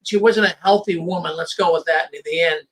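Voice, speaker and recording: A man's voice: on the high side, fairly even intonation, fast talker, poor audio. A man, the host, talking in a casual conversation, emphatic and often repeating his first words.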